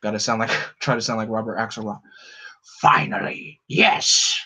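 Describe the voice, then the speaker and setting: A man's voice: on the low side, monotone, fast, bright, forceful tone. A man narrating a live script read, with casual, chatty asides. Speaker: script reader.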